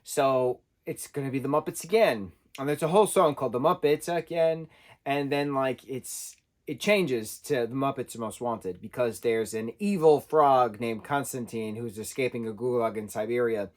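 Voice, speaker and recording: A man's voice: mid-range voice, normal speed, darkish tone. A man giving a casual spoken film review, talking loosely and correcting himself as he goes. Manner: conversational, self-correcting, loosely rambling.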